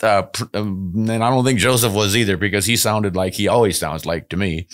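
A man with a low voice hosts a casual podcast. He answers listener mail in a relaxed, folksy way, tossing in quick ad-libs and a good-natured chuckle now and then. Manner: easygoing, folksy, chuckles and ad-libs while reading letters.

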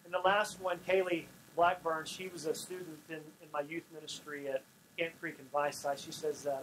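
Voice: medium pitch, level tone, normal speed, a bit bright, slight background noise, rough recording. A pastor preaching a sermon in a folksy, storytelling way, acting out the scenes in dialogue. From Oklahoma.

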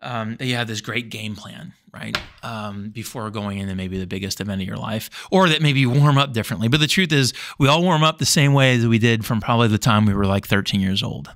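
A man's voice: fairly low pitch, a little fast, few pauses. Chatty middle-aged man telling a story. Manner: rambling, animated retelling with many fillers. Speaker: podcast guest, former Olympic swimmer. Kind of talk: casual storytelling interview.

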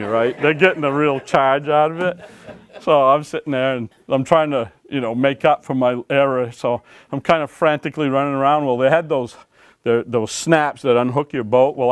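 A man's voice: on the high side, smooth. Folksy man telling warden stories. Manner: folksy, animated storytelling with laughs and acted-out quotes. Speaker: author and former game warden. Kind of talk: storytelling talk to an audience. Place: library talk room.

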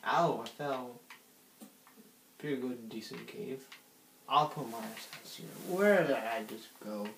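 A man's voice: mid-range voice, slow pace, creaky, long pauses, fairly bright tone, a little hiss or hum. A man giving casual gameplay commentary, rambling and giggly, talking to himself while he plays. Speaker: gaming channel host. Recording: roomy echo.

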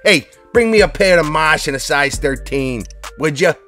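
A man's voice: on the high side, lively intonation, normal speed, sharp tone, faint music behind. A man voicing a brash customer with a put-on Boston accent who barks an order at a sneaker shop clerk. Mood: demanding.

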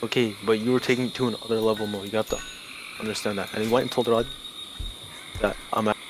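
A man's voice: lowish voice, fairly even intonation, quick pace, background noise. A young man and student in a heated argument, insistent and aggrieved, pressing his point again and again. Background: music playing.

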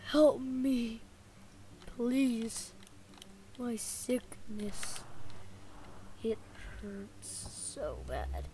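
A woman's voice: high-pitched, slow, background noise. A woman voicing a scared, timid little boy soldier in a video game, stammering and whimpering as she speaks. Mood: pained.

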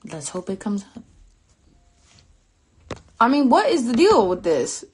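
Young woman, live stream host, casual chat, flustered, excitable. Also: a little high, unhurried, pauses often, slightly rough. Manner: flustered, excitable, talks to viewers.

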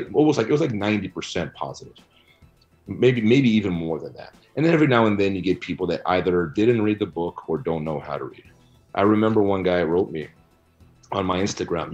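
A middle-aged man answering interview questions about his research, blunt and animated as he argues his points. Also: low voice. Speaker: guest, researcher and author.

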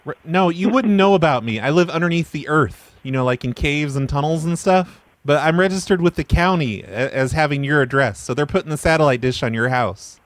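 A man with a somewhat high voice, recorded close and dry. He runs prank calls in a deadpan way, fumbling over his words. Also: fairly quick, hardly any pauses, no room sound. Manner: deadpan, fumbling, stammering restarts. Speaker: prank call host. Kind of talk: prank phone call.

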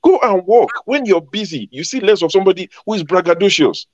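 A man's voice: sits high, expressive, a little fast, no room sound. Guy arguing hard on a debate panel, voice jumping up and down, dry dull sound. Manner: emphatic, combative, repeats points. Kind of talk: heated debate.

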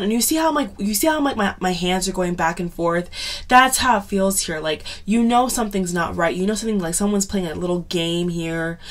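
A woman giving a casual tarot reading to camera, chatty and subdued, often checking in with "okay?" and "you know". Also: lowish voice. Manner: chatty, repeats "okay?" and "you know" often, drags some words slowly; subdued, sighing tone. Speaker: tarot reader.

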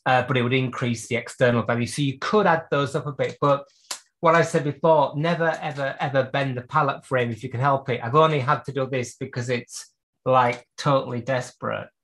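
A man's voice: medium pitch, steady tone, brisk, a bit bright. A man teaching clock repair during a live video call, working at a bench and thinking aloud as he explains each step. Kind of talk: live workshop demonstration.

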